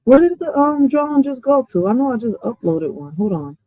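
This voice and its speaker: A woman's voice: on the high side, very animated, brisk, dark tone, dry recording. Thirties woman streamer, loose profane chat, laughs a lot, dry close sound. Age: 30s. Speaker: poet and streamer. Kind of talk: casual chat to viewers.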